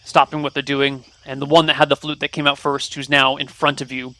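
A man running a tabletop game as game master, narrating in a relaxed, conversational way with some fillers. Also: mid-range voice, a little fast, dry recording.

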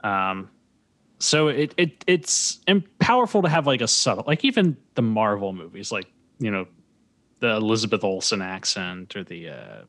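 A man's voice: lowish voice, normal speed, no echo. A man co-hosting a podcast, recapping a movie in casual chat with frequent chuckles. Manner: animated recapping, chuckles often. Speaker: podcast co-host.

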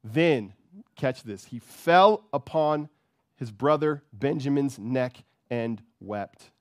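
A man's voice: mid-range voice, expressive, slow pace, no room sound, studio quality. A man preaching a sermon with fervor, repeating words and often checking in with "right?". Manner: fervent, repeats words, keeps asking "right?".

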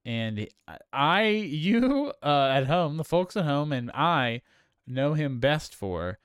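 Hosting a laid-back film podcast, this man speaks a little high with big pitch swings and takes things slowly. He rambles, restarts and fills pauses a lot, laughing readily, and the sound is clean studio audio with no echo.

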